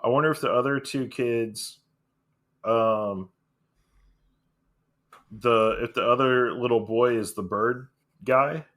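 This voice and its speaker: A man co-hosting a podcast, talking in a relaxed, thoughtful way about a comic. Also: medium pitch, slow, pauses often. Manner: relaxed, thoughtful, laughs easily. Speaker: podcast co-host. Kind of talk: casual chat about a comic.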